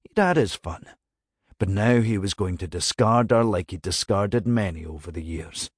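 Low-voiced male audiobook narrator. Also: animated, breathy edge, no echo, studio quality. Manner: measured, dramatic storytelling.

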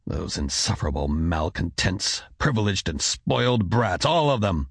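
A man's voice: low-pitched, big pitch swings, normal speed, slightly rough, no echo, clean studio sound, full character voice. A man voicing a stern, demanding ruler who speaks curtly and coldly. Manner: curt, commanding.

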